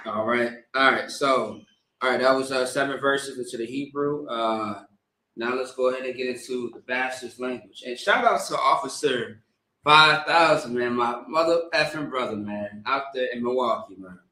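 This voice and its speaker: Male service leader, sermon; stammering scripture reading into casual rambling preaching; bright tone, roomy echo. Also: medium pitch. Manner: halting, stammering repeats while reading. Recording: echoey room.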